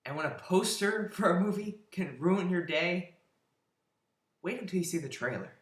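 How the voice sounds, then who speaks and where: A man's voice: sits high, expressive, moderate pace. A man giving a sarcastic, exasperated rant as an online movie reviewer. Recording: roomy echo.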